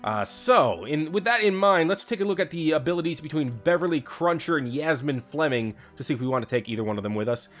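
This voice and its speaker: A young man hosting a let's play, chatting excitably and reading game text aloud over faint music. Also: fairly high pitch, fast, few pauses. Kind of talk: casual gameplay commentary.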